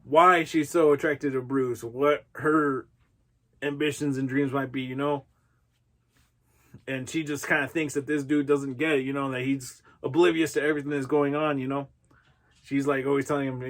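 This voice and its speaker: A man's voice: medium pitch, little pitch movement, moderate pace, fairly bright tone. A man casually recapping a movie in a laid-back, slangy way, full of "you know" fillers. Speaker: movie reviewer.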